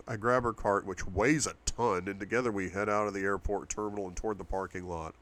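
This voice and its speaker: A man's voice: fairly low pitch, fairly even intonation, a little fast, hardly any pauses, a bit bright, a little hiss or hum. A young man reading a novel aloud for a book club, with asides to his viewers. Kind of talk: audiobook-style reading.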